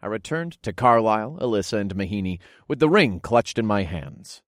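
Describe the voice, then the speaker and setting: A man's voice: lowish voice, normal speed, few pauses, dry recording, studio quality. A man narrating a first-person fantasy story and voicing its characters. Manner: expressive, commanding in dialogue.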